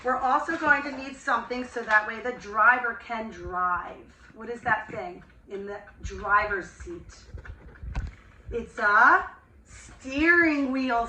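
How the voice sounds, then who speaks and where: A woman teaching young children in an online class, speaking in a sing-song, slow and gently enthusiastic way with gasps of delight. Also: a little high, recorded from a distance. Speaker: preschool teacher. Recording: echoey room, voice a bit off-mic, faint hiss.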